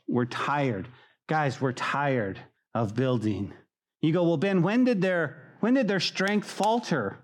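A man preaching a sermon in church, animated and conversational, acting out what his listeners might say. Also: on the high side. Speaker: pastor.

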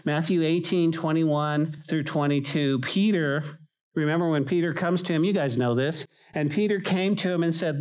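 A middle-aged male pastor preaching a sermon in an animated way, acting out quoted voices and repeating words as he starts sentences. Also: a little high, normal speed.

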